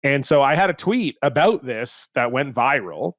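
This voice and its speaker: Animated, swearing male podcast host. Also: medium pitch, moderate pace, dry recording, studio quality. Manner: animated, exasperated storytelling with frequent swearing. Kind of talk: casual comedic podcast chat.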